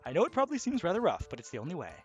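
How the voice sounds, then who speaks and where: A man's voice: sits high, huge pitch swings, rapid-fire, highs cut off, faint music behind. A man voicing a polite, fussy male bat creature with genteel, old-fashioned phrasing.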